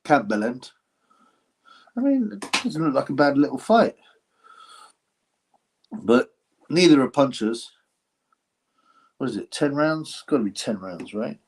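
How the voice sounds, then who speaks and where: A man's voice: mid-range voice, very animated, unhurried, long pauses, slightly rough. A man hosting a live stream, giving blunt, mocking commentary on a boxing match and reading out chat comments. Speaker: livestream host reacting to a boxing fight.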